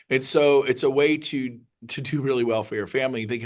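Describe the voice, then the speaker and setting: A middle-aged man, a realtor, giving an excited, rambling motivational talk to his group. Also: mid-range voice, fairly quick, few pauses. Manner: excited, rambling, jumps between numbers. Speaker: realtor leading a mastermind call.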